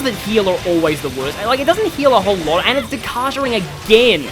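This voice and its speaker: A let's-play host chatting through a boss fight, the voice swinging up and down as it complains about healing and buffs. Game music plays clearly underneath. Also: mid-range voice, very animated, a little fast. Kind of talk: gameplay commentary.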